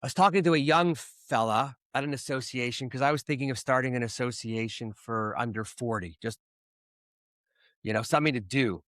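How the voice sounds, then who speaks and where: A man's voice: mid-range voice, a little fast, a bit bright, no echo. Man, middle-aged, from Canada, podcast host, blunt and profane rant, dry close sound. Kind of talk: casual chat.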